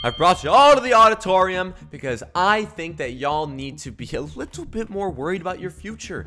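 Lively bright-voiced man narrating roleplay. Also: on the high side, normal speed, few pauses, faint music behind. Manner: animated and playful, laughing often. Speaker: Roblox roleplay narrator playing a principal. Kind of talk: casual game roleplay narration.

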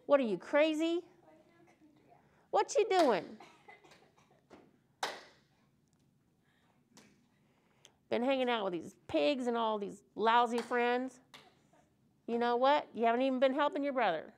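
A woman's voice: on the high side, lively intonation, moderate pace, pauses often. A woman voicing an angry father scolding his wayward son, in a sermon retelling. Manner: scolding, exasperated. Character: angry scolding father, middle-aged man.

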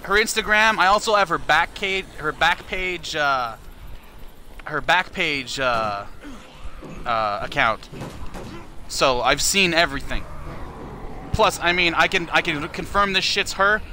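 A man's voice: a little high, measured pace, pauses often, bright, forceful tone, slight background noise. A man chatting crudely on a live stream, profane and mocking as he reads messages and asks for donations. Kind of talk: casual live-stream chat.

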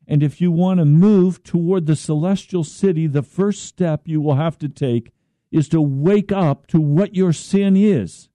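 A man preaching a slow, earnest radio sermon as pastor, at times pleading in prayer. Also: fairly high pitch, warm tone, no echo.

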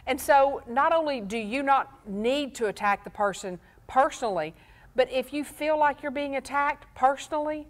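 A woman's voice: sits high, animated, moderate pace. Earnest woman explaining with examples. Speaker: pastor and show co-host. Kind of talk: casual teaching talk on marriage.

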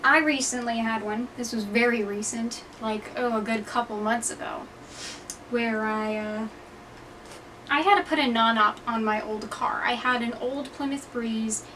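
A woman's voice: a little high, measured pace, sharp tone, distant mic, a little hiss or hum, low-quality recording. A young woman telling stories to her camera in a rambling, self-mocking way, full of swearing and fillers. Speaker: vlogger. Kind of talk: casual storytelling to camera. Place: indoor room, hot.

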